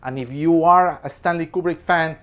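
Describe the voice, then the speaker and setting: A man's voice: fairly high pitch, normal speed, fairly bright tone, lo-fi sound. A man giving a casual, opinionated film commentary. He talks emphatically, keeps apologizing, repeats himself and laughs between points. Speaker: movie reviewer.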